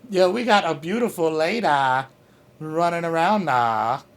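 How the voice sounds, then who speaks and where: Vlog host, male, higher voice, slow profane rambling, jokey; coos at his cat. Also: sing-song, gravelly. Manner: profane, rambling, joking, talks baby talk to his cat. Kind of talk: casual rambling vlog chat.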